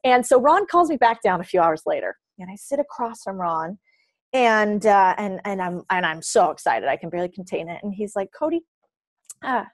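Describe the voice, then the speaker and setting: A young woman telling an animated story in a podcast interview, acting out the people she quotes. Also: mid-range voice, normal speed, no room sound. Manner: animated, acts out quoted dialogue. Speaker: guest.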